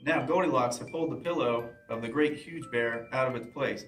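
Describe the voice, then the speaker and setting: A man's voice: mid-range voice, brisk, faint music behind. Man reading a bedtime story, echoing room. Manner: plain, steady reading with small slips. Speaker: police officer reading to children. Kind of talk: bedtime story read aloud. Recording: roomy echo, mic at a distance.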